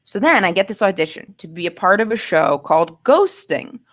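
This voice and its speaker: A woman's voice: medium pitch, big pitch swings, normal speed. A woman guest telling a candid, self-mocking dating story in a rambling way, full of filler words. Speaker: guest comedian.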